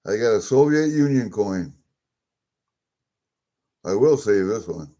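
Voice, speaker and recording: A male coin collecting vlogger with a fairly low, dark-toned voice and lively intonation speaks at a slow pace. He's casually unboxing, showing and discussing coins from a newly opened package, talkative and easily delighted while muttering to himself.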